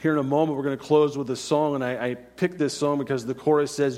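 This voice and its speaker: A man preaches with earnest insistence, circling back on phrases and checking in with "right?" His voice sits at an ordinary middle pitch. A long reverb trails each word through the sanctuary. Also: steady tone, fast, few pauses, darkish tone. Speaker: pastor. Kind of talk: sermon.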